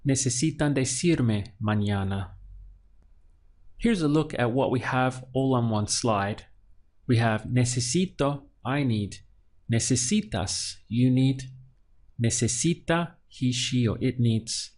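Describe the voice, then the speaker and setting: A man teaching a Spanish lesson. He asks the listener a question, pauses, then gives the answer. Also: medium pitch, animated, a little mellow. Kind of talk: slow, patient language lesson with drills.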